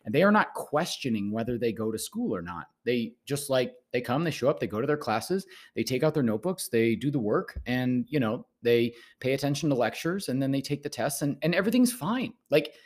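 A man's voice: mid-range voice, fairly quick, hardly any pauses. Male teacher-host, casual rambling monologue of advice, repeats himself. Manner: rambling, repeats words, animated lectures.

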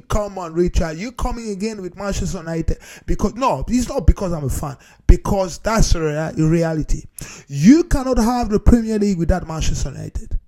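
A man talking casually to his viewers in a playful, animated way, often repeating phrases for emphasis and calling his audience "people". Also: high-pitched. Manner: non-standard grammar, repeats phrases for emphasis. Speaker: vlogger. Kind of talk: casual talk to camera.

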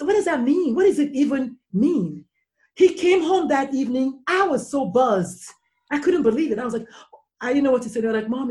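A woman guest speaks with emphasis and rising intensity, firing rhetorical questions one after another and swearing now and then. Her voice sits somewhat high for a woman. She talks in an open, conversational style. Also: dark tone. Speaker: guest, mother of three sons. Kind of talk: impassioned conversation.

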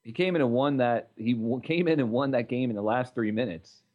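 A man's voice: medium pitch, a little fast, narrow, tinny audio. A man co-hosting a podcast, chatting casually about football with joking, sarcastic banter. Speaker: podcast co-host. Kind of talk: casual sports chat.

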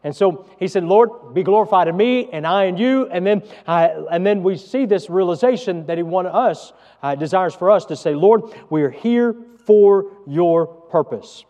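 A pastor preaching a sermon, swinging between loud emphasis and hushed asides. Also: male voice, high voice, animated, moderate pace, hardly any pauses, long reverb tail, muffled recording.

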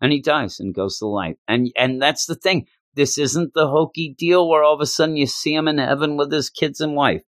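A man's voice: fairly high pitch, normal speed, hardly any pauses, no room sound, clean studio sound. A man co-hosting a podcast, chatting casually and emotionally about a comic book, often restarting his sentences. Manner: earnest, emotional, talks with repeated restarts. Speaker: podcast co-host.

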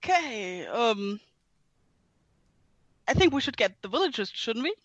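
A woman's voice: on the high side, sing-song, measured pace, no echo, highs cut off. A woman taking part as a player in a tabletop game, eager and playful. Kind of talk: casual tabletop play.

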